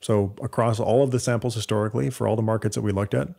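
A man's voice: fairly low pitch, steady tone, fast talker, vocal fry, mellow. A man with a Canadian accent co-hosting a podcast, explaining data step by step in casual chat with frequent fillers and restarts. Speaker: podcast co-host.

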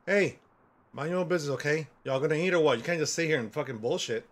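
This gaming streamer, a man in his forties, speaks fast in a voice on the high side. His gameplay commentary is casual and full of jokes, and he swears loudly and freely while answering back to on-screen characters.

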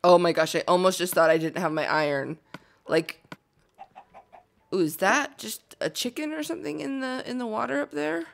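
A young woman casually commenting on her own gameplay, chatty and excitable, chattering to herself and to the game animals. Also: medium pitch, normal speed, vocal fry. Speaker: gaming video host.

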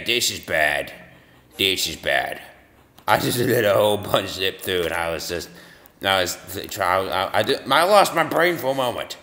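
A man's voice: mid-range voice, pushed and bright. A man rambling and joking at himself while commentating on brain-training games. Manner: rambling, self-mocking, lots of restarts. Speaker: gaming video host. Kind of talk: goofy gameplay commentary. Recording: long reverb, faint music.

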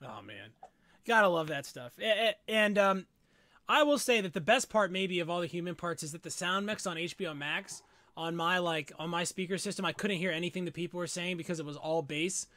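A man co-hosting a casual podcast, animated and acting out scenes in goofy voices. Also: sits high, fairly quick, dry recording. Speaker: podcast co-host. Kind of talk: casual chat.

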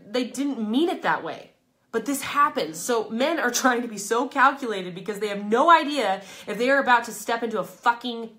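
A woman in a mid-range voice hosts a live stream and talks straight to her viewers. She is emphatic and candid, swears freely and laughs between phrases. She swings between loud, pushed lines and soft, low asides. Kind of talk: casual motivational talk to a live audience.

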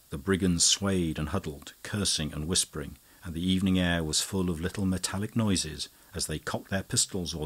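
A low-pitched man narrates an audiobook, reading scripted narration in a measured, even storytelling manner.

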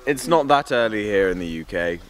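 A man's voice: lowish voice, fairly quick. A man who has just woken up, chatting casually to camera on a countryside walk with lots of fillers. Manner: relaxed, hesitant, with fillers and laughs. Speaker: vlogger. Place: outdoors on a countryside hill walk. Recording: loud crowd chatter behind.

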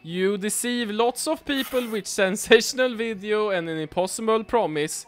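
A man's voice: sits high, normal speed, soft background music. A man playing a video game with a friend, reading text aloud and joking, swearing a lot. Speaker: gamer reading and voicing a game. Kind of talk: casual let's-play commentary.

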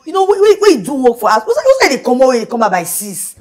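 A woman's voice: sing-song, rapid-fire, darkish tone. A woman with a Nigerian accent playing an aggrieved wife in a comic sketch, complaining in pidgin and flaring up in protest. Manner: indignant, complaining in pidgin, dropping to a low mutter. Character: indignant aggrieved young wife. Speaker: client in therapy.

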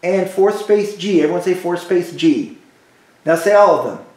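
A music teacher drilling students through call-and-response practice, patient and repetitive. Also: male voice, sits high, animated, moderate pace, darkish tone, reverberant. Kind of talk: recorded music lesson for students.

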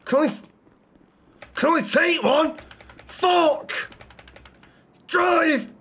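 Sweary streamer, high-pitched voice. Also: male voice, pushed and bright. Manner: swears constantly, thanks viewers in quick bursts. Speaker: livestreamer. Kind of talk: live gameplay commentary and role-play.

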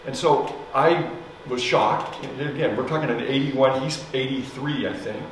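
A man preaching as pastor, telling a story in a loose, conversational way with fillers and soft laughs. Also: medium pitch, moderate pace, a little hiss or hum. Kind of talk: sermon storytelling. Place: church sanctuary. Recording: echoey hall, mic from a distance.

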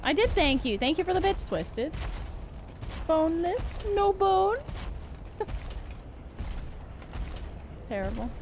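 Giggly high-voiced woman streamer from Canada. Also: unhurried, pauses often, slight background noise. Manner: giggly, animated, reacting loudly to the game. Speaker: game streamer. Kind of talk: live gameplay stream commentary, chatting with viewers.

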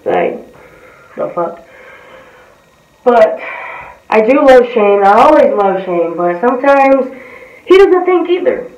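A woman's voice: fairly high pitch, expressive, measured pace, darkish tone. A woman giving a blunt, profane, heated reaction commentary as a vlogger. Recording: roomy, distant from the mic.

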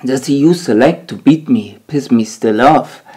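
A man's voice: medium pitch, a little slow, husky. Ranting man. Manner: ranting, swearing, shouting at the game. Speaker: gamer. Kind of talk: casual gameplay commentary. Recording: game music playing behind.

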